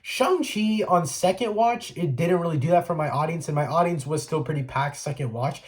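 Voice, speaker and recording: A man's voice: on the high side, normal speed. A man giving a casual spoiler review, chatty and full of "like" and restarts. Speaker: movie reviewer.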